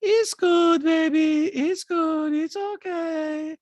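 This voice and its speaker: A man voicing an eerie, detached woman who speaks slowly with no inflection, as a parody impression of a reality-show cast member. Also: very high voice, a little mellow, no room sound, voice pushed up, heavily acted. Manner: slow, drawn-out, emotionless delivery.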